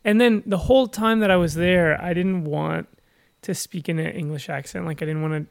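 A man's voice: on the high side, steady tone, normal speed, vocal fry, no echo. A man co-hosting a podcast in casual chat, laid-back, laughing often and trailing off mid-sentence. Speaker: podcast co-host.

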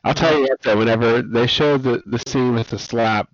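A man co-hosting a casual wrestling talk show, telling stories in a relaxed way and laughing often. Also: medium pitch, a little fast, no room sound. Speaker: podcast co-host. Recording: dry, dull lo-fi sound.

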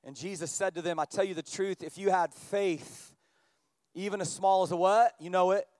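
A man preaching a sermon as pastor, building up with animated emphasis and quickening delivery. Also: dry recording. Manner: animated preaching, rising in pitch and volume as he builds.

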